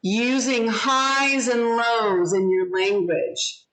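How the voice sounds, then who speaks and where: A woman teaching a class over a video call, speaking deliberately and modeling words and syllables for her students. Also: on the high side, fairly bright tone, rough recording.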